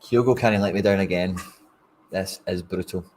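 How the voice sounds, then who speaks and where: Low-voiced Scottish man, blunt live commentary. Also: fairly even intonation, moderate pace, darkish tone, a little hiss or hum. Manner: frustrated, blunt, talks straight to viewers. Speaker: fan streamer hosting a watch-along. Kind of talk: casual live match commentary.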